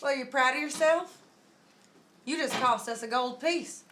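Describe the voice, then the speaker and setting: A woman's voice: sits high, a little slow, noisy background. A woman voicing a sarcastic, folksy frontier mother who scolds her many children. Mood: scolding.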